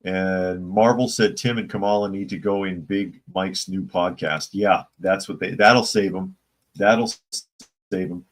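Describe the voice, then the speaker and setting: A man's voice: low voice, steady tone, measured pace. A man hosting a casual live-stream commentary show, opinionated and rambling, reading viewer chat comments aloud. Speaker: political commentary channel host.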